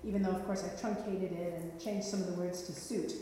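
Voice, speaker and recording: A woman storyteller relating an old legend in a reflective way, dropping gently wry asides. Her voice sounds distant from the mic and washes around a long, reverberant hall. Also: lowish voice, steady tone, fairly quick, a little hiss or hum. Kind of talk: telling a myth. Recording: echoey hall, mic far off.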